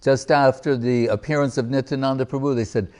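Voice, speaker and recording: A man's voice: medium pitch, fairly even intonation, fairly quick, darkish tone. A man giving a devotional lecture to a live audience as a spiritual teacher, reciting verses, explaining them, and asking rhetorical questions with light humor.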